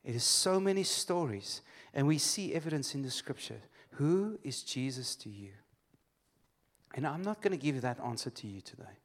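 A man's voice: mid-range voice, very animated, normal speed. A man preaching a sermon to a church congregation. He leads call-and-response, tells stories with loose restarts and laughs often.

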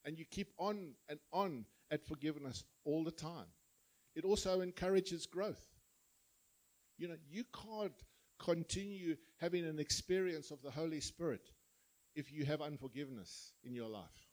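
A man's voice: on the high side, normal speed, darkish tone, low-quality recording. A man preaching a sermon, telling parables and acting out the voices of their characters. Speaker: pastor. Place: church.

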